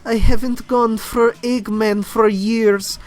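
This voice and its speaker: A man's voice: sits high, flat delivery, pitched above the performer's own voice. A man hamming up a pompous robot villain doctor. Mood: hammy menace. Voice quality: slow, drawn-out, shifting fake accent.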